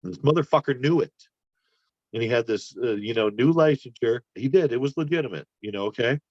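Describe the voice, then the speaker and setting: A man's voice: mid-range voice, a little fast, dry recording, lo-fi sound. A man telling a rambling, profane personal story in a casual chat. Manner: rambling, profane, animated when riled. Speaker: podcast guest.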